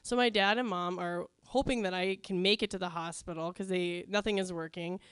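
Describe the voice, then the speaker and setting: A woman's voice: lowish voice, fairly even intonation, brisk, a bit bright, clean tone, no echo, clean studio sound. Wry woman telling a story on stage. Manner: chatty, wry and self-mocking, with um fillers. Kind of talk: live personal storytelling.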